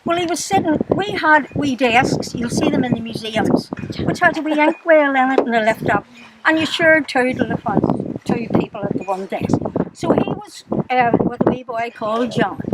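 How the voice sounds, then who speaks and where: Older Northern Irish woman, high voice, chatty storyteller, noisy recording. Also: expressive, moderate pace. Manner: chatty storyteller, laughs often. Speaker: storyteller to children. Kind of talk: recounting childhood memories. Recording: noisy background.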